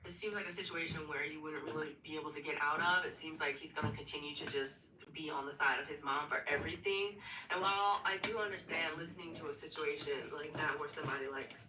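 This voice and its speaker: Animated woman storyteller in an echoey room. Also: low-pitched, quick pace, recorded from a distance. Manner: animated, retells the story with playful asides and acted-out quotes. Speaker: live-stream host. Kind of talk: casual storytelling while sewing on a live stream. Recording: echoey room, voice off-mic, clear background noise.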